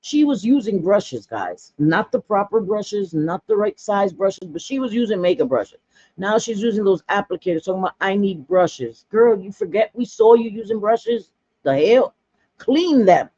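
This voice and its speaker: A woman's voice: medium pitch, sing-song, normal speed, dark tone, no room sound, lo-fi sound. Blunt, gossipy woman doing her makeup. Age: 40s. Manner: blunt, gossipy, dramatic asides. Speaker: makeup vlogger. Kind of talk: casual chatty makeup tutorial.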